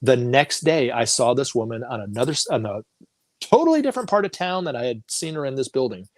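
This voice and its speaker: A man's voice: mid-range voice, very animated, a little fast, no room sound. A man talking as a guest on a talk show, telling stories casually and acting out the voices of the people in them, laughing often.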